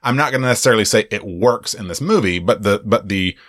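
A man co-hosting a casual film-review podcast, rambling and animated, laughing often. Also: on the low side, quick pace, no echo, studio quality. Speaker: podcast co-host.

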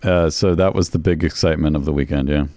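A man's voice: very deep voice, fairly even intonation, fast, dark tone, no echo, clean studio sound. A man co-hosting a podcast in casual chat, rambling and hesitant. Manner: rambling, hesitant, many restarts. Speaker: podcast co-host.

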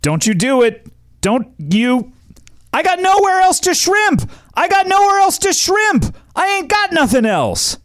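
Man playing a young cadet at the end of his rope: strained, overwrought pleading, pitched way up. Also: wildly swooping pitch, measured pace, a bit bright, exaggerated voice. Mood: desperate.

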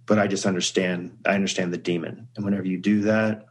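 Low-voiced, reflective man. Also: flat delivery, fast, rough recording. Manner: reflective, earnest, storytelling. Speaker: podcast guest. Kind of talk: casual conversation.

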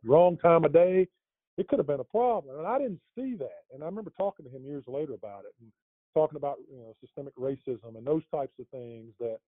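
Over a dry, tinny line that sounds like a phone call, a middle-aged interview guest tells a long, meandering anecdote, stumbling through fillers and restarts and laughing to himself. He speaks on the high side and a little fast, with lively intonation and no echo.

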